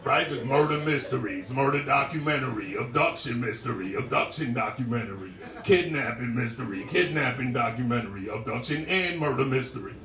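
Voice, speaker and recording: A man doing a stand-up set, animated and jumping into high-pitched impressions of women, with crowd work. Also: a little fast, few pauses. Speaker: stand-up comedian. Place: comedy club stage. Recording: roomy live club sound heard from a distance. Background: laughing audience.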